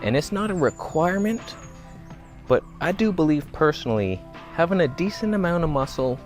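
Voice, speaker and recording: A man's voice: on the high side, expressive, moderate pace, soft background music. A man talking to camera outdoors about health in a casual, joking vlog, with self-mocking asides. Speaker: vlogger. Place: outdoors, walking by a road.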